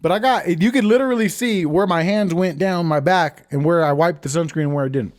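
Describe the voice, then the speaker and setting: A man's voice: a little high, brisk. A man in his thirties hosting a podcast, telling stories in loose, profane casual chat and laughing often. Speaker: podcast host.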